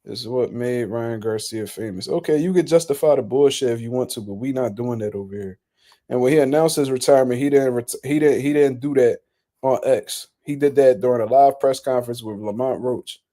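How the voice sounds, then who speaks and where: A man's voice: mid-range voice, fairly quick, warm tone. A man hosting casual boxing reaction commentary, ranting in a blunt, profane, incredulous way.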